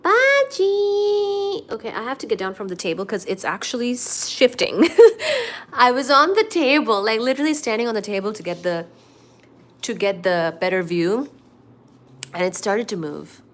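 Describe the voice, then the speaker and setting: A woman's voice: medium pitch, moderate pace, fairly bright tone. A woman hosting a casual live stream from home, chatting with viewers and reading their comments aloud. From India. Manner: chatty, reads viewer comments aloud, coos at her cat. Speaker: livestream host. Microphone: laptop.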